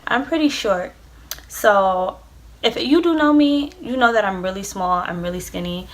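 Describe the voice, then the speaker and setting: A woman's voice: mid-range voice, animated, normal speed, background noise. Rambling, profane young woman telling a story. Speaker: vlogger. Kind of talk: storytime vlog.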